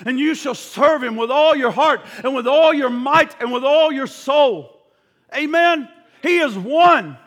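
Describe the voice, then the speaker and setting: A man preaching a sermon with fervor, shouting the high points and sinking to a quiet, hushed voice for the solemn passages. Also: animated, measured pace. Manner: impassioned, shouting at peaks, then dropping to a hushed low voice.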